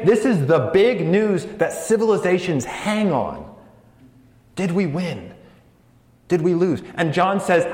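A man's voice: high-pitched, animated, normal speed. A man preaching a sermon to college students as a campus ministry preacher, earnest and building emphasis, with light jokes along the way. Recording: echoey hall with long reverb.

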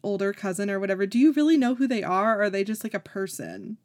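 A woman co-hosting a casual podcast, chatty and upbeat. She muses out loud, trailing through her thoughts, and her voice sits at a middling pitch for a woman. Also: very animated, fast talker. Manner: upbeat, chatty, thinks aloud with many "like"s. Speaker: podcast co-host. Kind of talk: casual chat.

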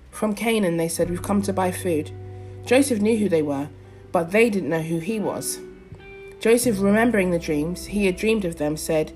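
A young adult woman preaching, praying earnestly with pauses and reading scripture aloud. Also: medium pitch, a little mellow, faint music behind. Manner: earnest, fervent prayer with pauses and fillers.

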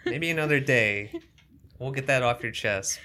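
A woman's voice: very deep voice, normal speed, sharp tone. A woman co-hosting a podcast, recapping a movie in casual chat and playing along with jokes. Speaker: podcast co-host.

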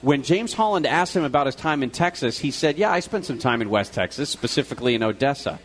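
A man's voice: medium pitch, animated, fast, slight background noise. A male radio co-host talking live from a restaurant, retelling a news story in a loose, conversational way with fillers and restarts.

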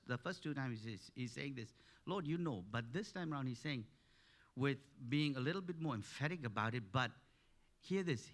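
Bright-voiced man preaching a sermon. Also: on the high side. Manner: storytelling, many restarts, rising to emphatic peaks.

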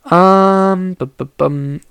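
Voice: mid-range voice, extremely slow, creaky, fairly bright tone, clean tone, no room sound. A podcast host chatting casually alone about a film, rambling with constant fillers and restarts, and tired and yawning.

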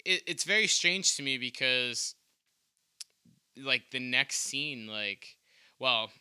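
A man's voice: mid-range voice, lively intonation, slow pace, pushed and bright, clear, resonant tone. A man co-hosting a podcast, chatting casually and rambling about a movie, laughing often. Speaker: podcast co-host. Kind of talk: casual film discussion.

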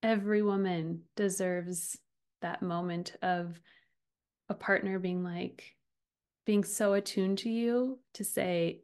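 A woman in her thirties hosting a podcast, talking earnestly and from the heart about relationships, often with a soft laugh. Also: mid-range voice, steady tone, slow pace, clear, resonant tone. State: getting emotional. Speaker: podcast host and relationship coach. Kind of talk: personal podcast monologue.

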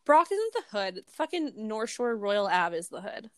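A woman's voice: medium pitch, very animated, moderate pace, no echo. A young Canadian woman with a Canadian accent, co-hosting a podcast in blunt, laughing, profanity-heavy casual chat. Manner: blunt, swears a lot, laughs easily. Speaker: podcast co-host.

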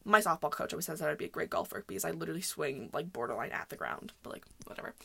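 A woman's voice: deep voice, expressive, rapid-fire, creaky, bright, forceful tone, dry recording. A woman hosting a casual solo podcast, telling stories in a rambling way, often correcting herself and laughing. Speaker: podcast host.

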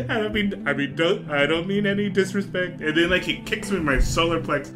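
Bright-voiced man, laughing, rambling chat. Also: fairly high pitch, a little fast, faint music behind. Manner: rambling and animated, laughs often, swears. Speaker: podcast co-host. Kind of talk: casual chat.

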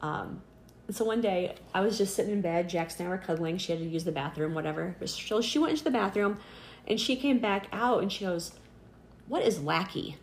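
A middle-aged woman with a mid-range voice shares a personal faith story in a relaxed, conversational way. She talks with plenty of ums and likes. She is earnest and animated when she acts out what others said. A faint hiss sits under her voice. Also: mid-range voice, fast, reverberant. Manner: chatty, earnest, full of fillers. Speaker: interviewee.

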